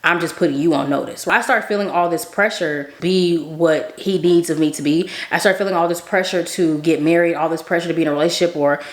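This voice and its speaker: A woman casually telling a story about a dream, animated, acting out both sides of the conversation. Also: on the low side, a little fast, few pauses, reverberant. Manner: animated, quotes herself and others, laughs often.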